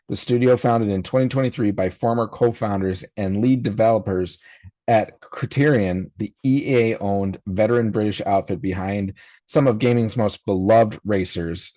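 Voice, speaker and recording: A man in his forties hosts a podcast with a rambling, nostalgic reaction, full of ums and restarts. His voice sits a little low and sounds dry and close. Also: a little mellow, dry recording. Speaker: podcast host. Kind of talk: casual reaction commentary.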